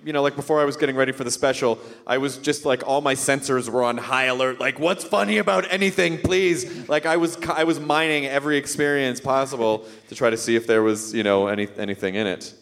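A man hosting a live comedy podcast, joking and self-deprecating with quick asides. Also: medium pitch, fairly even intonation, fairly bright tone. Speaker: podcast host. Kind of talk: casual comedic podcast chat. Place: live stage before audience.

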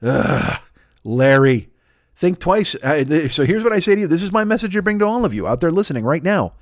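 A man delivering a rambling, profane comedic monologue, slipping into quick voices for the people in his story. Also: sits high, very animated, dry recording, clean studio sound. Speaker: podcast host.

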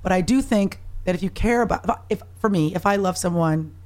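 A woman guest on a talk show, tipsy and with her voice worn from singing, telling stories in a lively way and swearing casually. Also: on the low side, quick pace. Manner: animated storyteller, swearing. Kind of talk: casual chat.

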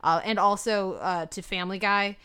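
A woman's voice: medium pitch, steady tone, normal speed, pushed and bright, clean tone. A woman co-hosting a casual podcast chat, chatty and full of filler words. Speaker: podcast co-host.

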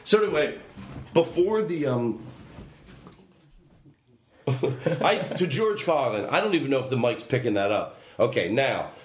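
A man's voice: mid-range voice, animated, measured pace, pauses often. A man hosting a casual podcast, telling rambling stories with lots of laughter and self-interruptions. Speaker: podcast host. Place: home studio with his dog. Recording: echoey room, faint noise.

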